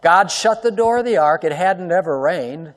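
Guy preaching a sermon, kinda high voice, goes loud then real quiet, asks the crowd questions, echoey hall. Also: lively intonation, normal speed. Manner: swings between loud emphatic and hushed soft delivery; talks directly to the congregation, asks rhetorical questions. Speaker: pastor.

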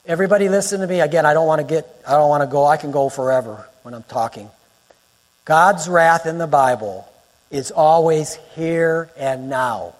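A male pastor preaching a sermon, emphatic and repeating phrases for effect, rising to near-shouts. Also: on the high side, normal speed. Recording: long hall reverb.

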